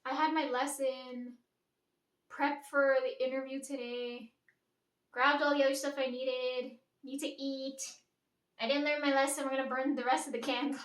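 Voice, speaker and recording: Chatty high-voiced young woman, roomy echo. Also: level tone, moderate pace. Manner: rambling, chatty, swears casually, frequent "like". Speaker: vlogger. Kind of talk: casual daily vlog chat. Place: room at home. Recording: echoey room, mic at a distance.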